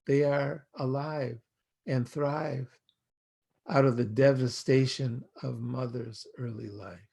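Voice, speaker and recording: An older American man, a rabbi, giving a reflective sermon in slow, measured, poetic phrasing. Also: medium pitch, fairly even intonation, creaky, dark tone, breathy edge.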